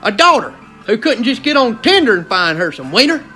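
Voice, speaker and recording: A man's voice: very high voice, sing-song, fairly quick, pushed and bright, faint music behind. A male comedian with a South Carolina accent doing a stand-up rant in an exasperated, rowdy drawl.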